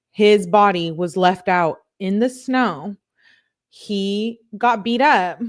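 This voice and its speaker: Outraged woman ranting on a livestream. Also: medium pitch. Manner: outraged, rapid, swearing, rhetorical questions. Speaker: livestream host. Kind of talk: live reaction commentary.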